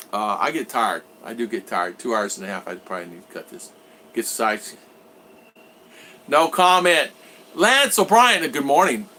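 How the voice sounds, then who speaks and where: A middle-aged man from the United States chats through a casual live stream, reading out viewer comments and wandering off with plenty of ums and uhs. His voice is bright and forward, and faint background noise sits under it. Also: medium pitch. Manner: rambling, reads viewer comments aloud, frequent fillers. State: recovering from a cold. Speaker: vlog host. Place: home in the Philippines.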